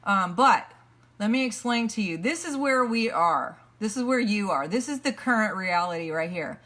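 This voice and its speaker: A woman giving a self-help teaching talk as a motivational coach, energetic and repetitive, explaining points step by step. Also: medium pitch, normal speed.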